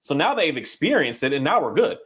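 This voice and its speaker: A man with a fairly high voice talks casually about dogs. He rambles and restarts often, and slips into little quoted voices for the dogs. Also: very animated, fairly quick. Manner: rambling, with many restarts and acted-out dog voices. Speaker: dog trainer. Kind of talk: casual conversation.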